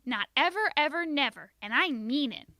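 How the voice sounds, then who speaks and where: A woman puts on a high, piercing little-girl voice for a bossy, dramatic first grader in a storybook reading. The voice leaps wildly up and down, bright and sharp, always on the edge of shrieking. It sounds close and dry, with no room behind it. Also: lively intonation, normal speed, no echo, exaggerated voice. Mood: upset. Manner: shrieking, melodramatic outbursts. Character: excitable loud little schoolgirl, dramatic and stubborn.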